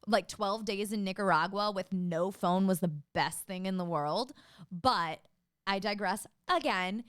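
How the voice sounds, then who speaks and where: A young adult woman, a podcast guest and business owner, chatting casually, bubbly and quick to laugh, rambling into digressions. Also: medium pitch, a bit bright, clear, resonant tone. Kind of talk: casual chat.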